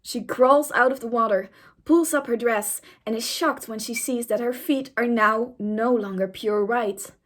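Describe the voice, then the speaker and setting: A woman's voice: fairly high pitch, unhurried, fairly bright tone. A young woman and YouTuber reading an AI-written story aloud in a casual, amused way.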